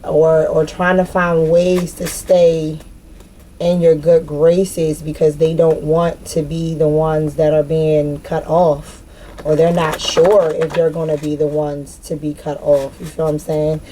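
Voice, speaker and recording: Mellow-voiced woman doing a chill tarot reading, swears a lot, laughs a lot, talks right at y'all. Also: sits low, little pitch movement, measured pace, a little hiss or hum, poor audio. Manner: profane, laughs often, talks straight to viewers. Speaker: tarot reader.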